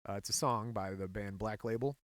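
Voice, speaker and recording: A man's voice: fairly low pitch, fairly quick, no echo. A man co-hosting a casual podcast, telling a story with playful teasing asides. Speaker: podcast co-host. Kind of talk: casual chat.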